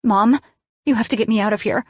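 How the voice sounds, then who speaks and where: A woman voicing a frightened, combative young woman patient, pleading in a shrill, desperate voice. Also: brisk, dry recording, studio quality, lightly acted. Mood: panicked, shrill.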